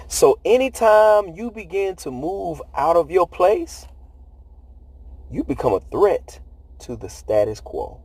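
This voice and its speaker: Brief: high-voiced man, animated motivational preaching, slangy and conversational. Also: slow pace, dry recording. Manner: conversational, slangy, laughs often. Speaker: motivational speaker.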